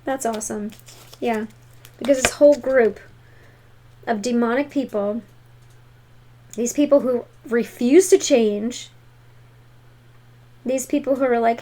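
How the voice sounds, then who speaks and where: A woman's voice: on the high side, unhurried, pauses often, warm tone. A woman giving a tarot reading to viewers in an emphatic, encouraging way. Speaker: tarot reader.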